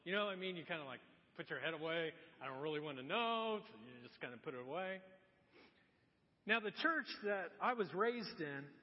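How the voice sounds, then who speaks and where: A man's voice: on the high side, lively intonation, normal speed. A man preaching a sermon as pastor, telling stories in an earnest, conversational way. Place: church sanctuary. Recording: dull sound in a large reverberant hall.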